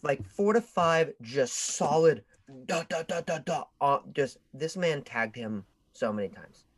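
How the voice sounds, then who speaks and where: Animated young man telling a story. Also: on the high side, a little slow. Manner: animated storyteller, shouts out quoted voices. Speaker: podcast co-host. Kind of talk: casual storytelling chat.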